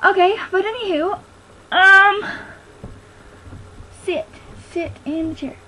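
A woman's voice: very high voice, slow pace, pushed and bright, rough recording. A young woman chatting casually in a video diary, bouncy and self-conscious. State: out of breath. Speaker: vlogger.

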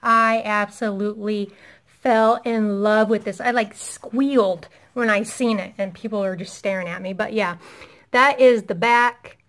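In this casual vlog, an enthusiastic woman in her thirties, a parent, shows off a shopping haul while her voice is giving out slightly and she keeps clearing her throat. She speaks a little slowly, at medium pitch, with fairly even intonation and a fairly bright tone.

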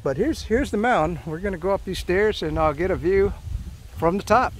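Middle-aged male vlogger, chatty and excitable, slightly winded, light outdoor noise behind. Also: sits high, moderate pace. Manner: chatty, excitable, reads signs aloud then comments. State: slightly out of breath. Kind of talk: casual hiking vlog with sign reading. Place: outdoors at a park mound.

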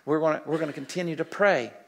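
Older man, preacher, gravelly, husky, animated storytelling, soft prayer murmurs, sermon. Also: fairly high pitch, fast talker. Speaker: preacher teaching on healing prayer. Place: church sanctuary.

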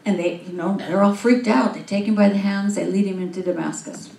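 A woman minister giving a sermon, telling a story in a lively, animated way. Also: mid-range voice, fairly quick, creaky, slight background noise. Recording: roomy, from far off.

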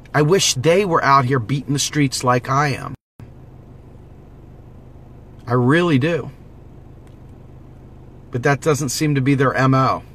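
A man's voice: a little high, a bit bright, a little hiss or hum. Urgent, preachy man rallying viewers. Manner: preachy, urgent, repeats slogans. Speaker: political vlogger. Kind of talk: impassioned direct-to-camera monologue.

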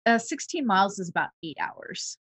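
Breathy woman running a tabletop game. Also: mid-range voice, very animated, normal speed, a bit bright, dry recording. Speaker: game master.

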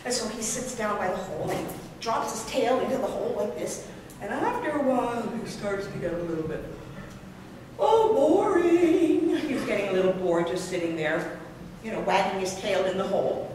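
A woman storyteller from Canada performs folk tales live, with lively, expressive delivery and asides to the audience. Her voice is fairly high and heavily echoing. The recording picks her up from far away in a big reverberant hall with audible background noise. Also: a little fast. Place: large hall. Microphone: distant mic.

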